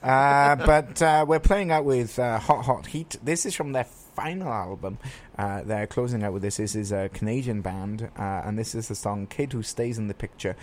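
A man's voice: mid-range voice, normal speed, a little hiss or hum. Male radio co-host, casual and campy, gushing, mid-range voice.

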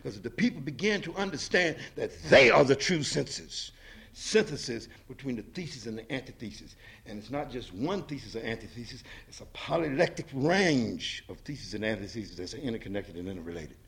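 A man giving an impassioned public speech as a political activist, emphatic and rhythmic, repeating his phrases and swinging between loud and soft. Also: mid-range voice, expressive, brisk, vocal fry, slightly rough. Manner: emphatic, rhythmic, repetitive oratory with wide swings in loudness.

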